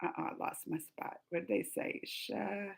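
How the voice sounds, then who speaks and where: A woman's voice: medium pitch, steady tone, moderate pace, vocal fry, breathy edge, rough recording. A woman hosting a live stream, chatting casually and emotionally while reading viewer comments, laughing often.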